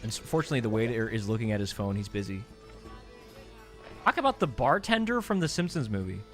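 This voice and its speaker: Young male streamer, animated and jokey, soft game music underneath. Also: fairly low pitch, fast. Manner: joking, chatty, answers chat. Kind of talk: casual live-stream chat.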